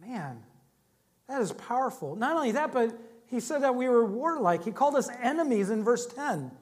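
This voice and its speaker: High-voiced male pastor preaching. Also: expressive, brisk. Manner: conversational storytelling, dynamic swings in loudness. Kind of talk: sermon.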